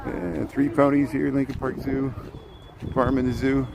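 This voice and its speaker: A man's voice: medium pitch, little pitch movement, a little slow, creaky. A man walking through a zoo farm and chatting to the camera, joking and talking to the animals. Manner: chatty, jokey, talks to the animals. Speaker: vlogger. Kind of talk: casual walking vlog. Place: outdoor farm area at a city zoo. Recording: outdoor street noise. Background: outdoor ambience, birds, passing vehicles.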